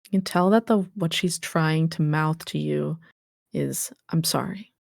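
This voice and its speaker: A woman's voice: low-pitched, measured pace, vocal fry, darkish tone, no echo, studio quality. A woman narrating a tabletop role-playing game as game master, describing scenes vividly and calling for dice checks.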